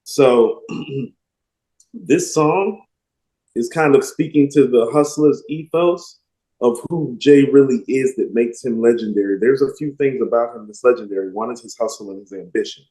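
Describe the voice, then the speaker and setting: A man co-hosting a casual music discussion podcast, emphatic and animated. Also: mid-range voice, measured pace. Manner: animated, emphatic, quotes lyrics with relish. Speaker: podcast co-host. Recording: roomy echo.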